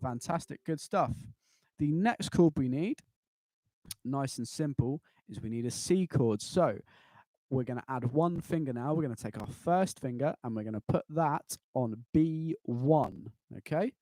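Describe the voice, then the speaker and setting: A man's voice: mid-range voice, expressive, measured pace, warm tone, no room sound. A man teaching a live online guitar lesson, patiently walking students through chords and cheering them on. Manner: encouraging, patient, counts students in; chants rhythm syllables in time. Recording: guitar playing behind voice. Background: acoustic guitar.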